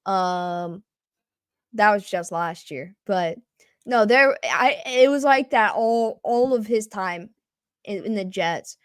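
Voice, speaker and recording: A woman co-hosting a live game reaction stream, calling plays with excitement and laughing often. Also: mid-range voice, slow, clear, resonant tone, no echo. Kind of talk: live play-by-play and casual reaction.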